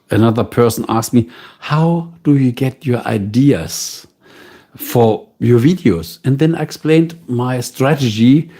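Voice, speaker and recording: A man with a German accent hosting a livestream and chatting casually with his viewers. He talks slowly and unhurriedly. His voice is mellow and mid-pitched. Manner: relaxed, unhurried, talks directly to chat. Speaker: livestream host.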